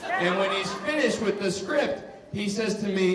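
A man's voice: sits high, very animated, a little slow. Stand-up comic, male, self-mocking and exasperated, heard through a live stage echo with audience laughter. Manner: self-mocking, acts out both sides of exchanges with rising exasperation. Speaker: stand-up comedian. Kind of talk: stand-up comedy set. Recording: roomy live stage sound from far off, crowd noise.

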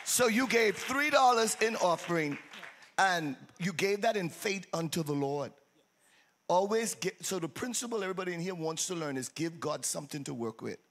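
A man, preaching a lively sermon and calling out to his congregation in a teasing, sing-song way. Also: high voice, normal speed. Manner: exuberant, teasing, sing-song, calls out to the crowd. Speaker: pastor. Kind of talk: lively church sermon with congregation call-and-response. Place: church sanctuary with congregation. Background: faint crowd of churchgoers.

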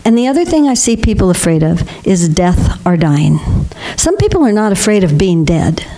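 A woman's voice: lowish voice, sing-song, normal speed. An older woman speaking as guest speaker to a congregation, telling stories with frequent laughter. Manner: warm storytelling with frequent laughter. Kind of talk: spiritual talk to a congregation.

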